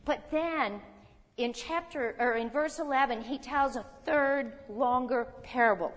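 Preacher, woman, fairly high voice, conversational sermon delivery, long reverb. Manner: conversational, checks in with the audience, slows for emphasis.

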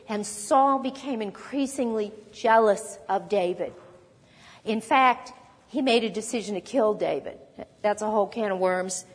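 Husky woman preaching in a reverberant church. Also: fairly high pitch. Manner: animated storytelling, conversational asides. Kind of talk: sermon.

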